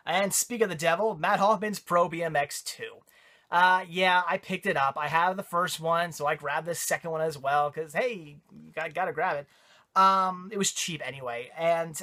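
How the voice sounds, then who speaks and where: Brief: casual male host, eager and rambling, pitch a touch high. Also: a bit bright. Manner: enthusiastic, rambling with fillers and restarts. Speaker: video game collector reviewing pickups. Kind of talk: casual chat.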